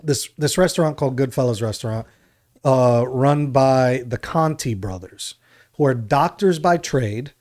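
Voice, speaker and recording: Guy from Jersey, podcast co-host, rambling casual storyteller, middle-pitched voice. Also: unhurried, darkish tone. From New Jersey, USA. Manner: rambling storyteller, acts out other people's lines.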